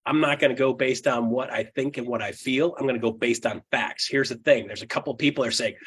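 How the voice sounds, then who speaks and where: A man leading a live seminar for real estate agents, energetic and blunt, swearing casually, laughing often and checking in with "right?". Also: mid-range voice, quick pace, hardly any pauses, husky. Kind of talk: live seminar talk to an audience.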